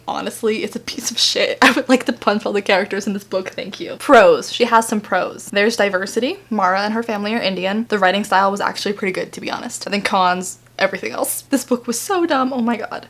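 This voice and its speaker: Young woman, early twenties, casual chatty vlog, animated, says "like" a lot, at home. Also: medium pitch. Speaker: book vlogger. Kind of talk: casual chat reading reviews aloud. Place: at home on a couch.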